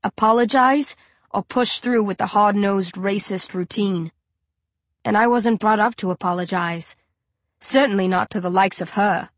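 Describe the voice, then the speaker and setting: A woman's voice: mid-range voice, unhurried, no echo. Woman reading an audiobook. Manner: even, storytelling. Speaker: audiobook narrator. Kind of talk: first-person audiobook narration.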